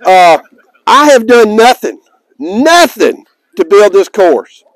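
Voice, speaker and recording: A man's voice: sits high, very animated, slow pace, no echo, rough recording. A man, a tournament director giving folksy, joking announcements to players outdoors in a park, raising his voice to carry.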